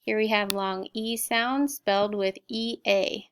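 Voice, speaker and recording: A middle-aged woman teacher slowly sounding out spelling words and explaining vocabulary in a recorded lesson. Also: medium pitch, fairly even intonation, a bit bright, slight background noise. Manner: slow, clear word-by-word sounding out.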